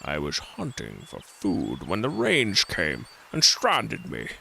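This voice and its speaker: A man's voice: low voice, wildly swooping pitch, vocal fry, bright, forceful tone, slight background noise, heavily acted. Man putting on a whiny stranded monkey. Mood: sarcastic. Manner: drawn-out, dramatic whining. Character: stranded male howler monkey, whiny and sarcastic.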